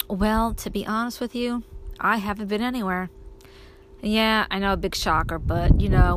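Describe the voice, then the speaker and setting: A woman's voice: fairly high pitch, slight background noise. A woman hosting her own podcast, talking casually and rambling with many fillers while outdoors. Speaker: podcast host and indie author. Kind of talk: casual solo podcast monologue.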